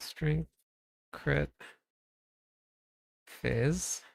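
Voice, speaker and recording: A man's voice: a little high, drawn-out words, vocal fry, no room sound. A man streaming a game, chatting casually, thinking aloud and talking to his chat. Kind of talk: casual live-stream commentary.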